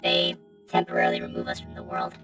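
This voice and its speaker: A man voicing a calm, earnest android through an android voice-changer filter, with a gravelly, synthetic sound. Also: high voice, fast, pitched above the performer's own voice, full character voice. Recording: distant, with game music behind.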